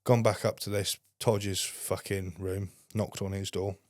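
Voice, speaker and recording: Podcast guest, young man, low-pitched and dry, swears constantly while he rambles through a story. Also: little pitch movement, measured pace, darkish tone, no echo. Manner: heavy swearing, rambling anecdotes. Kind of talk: casual storytelling.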